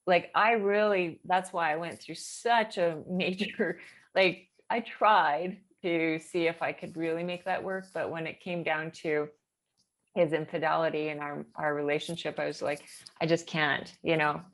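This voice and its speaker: A woman's voice: sits low, fairly even intonation, moderate pace. A woman chatting casually in a rambling way, with many fillers and nervous laughter. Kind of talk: casual chat.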